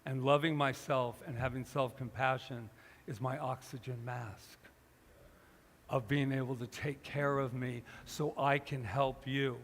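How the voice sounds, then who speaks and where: A man's voice: mid-range voice, steady tone, unhurried. Man preaching a story in a reverberant hall. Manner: storytelling, acting out both sides of a conversation. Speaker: pastor. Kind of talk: sermon. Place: church hall.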